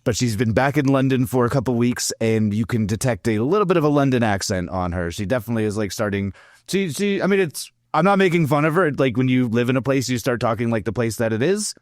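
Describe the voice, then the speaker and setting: A man from California co-hosts a relaxed podcast conversation, rambling and restarting his sentences as he goes. His voice sits in a middle pitch. The sound is dry and close. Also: fast talker, dry recording. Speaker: podcast co-host. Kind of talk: casual chat.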